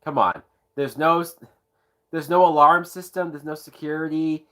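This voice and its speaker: A man's voice: fairly high pitch, steady tone, moderate pace, a bit bright. A tipsy man giving sarcastic, profanity-laced live commentary while watching a movie, breaking into whooping laughs. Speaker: movie reviewer.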